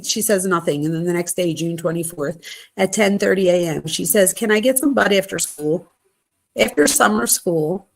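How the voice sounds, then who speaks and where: A woman's voice: mid-range voice, gravelly. Woman casually reading text messages. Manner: conversational, reads quoted texts in a plain voice with quick asides. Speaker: true crime channel host.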